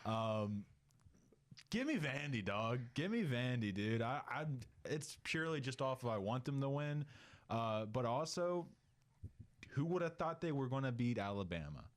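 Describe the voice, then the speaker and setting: A man's voice: medium pitch, very animated, moderate pace. A man hosting a casual sports podcast, running through the games in an easygoing, wry way. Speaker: podcast host running the picks.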